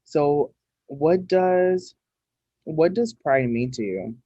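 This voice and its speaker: A man interviewing a guest over a video call, gentle and hesitant with many pauses. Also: on the high side, animated, dry recording. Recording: dull dry video-call audio.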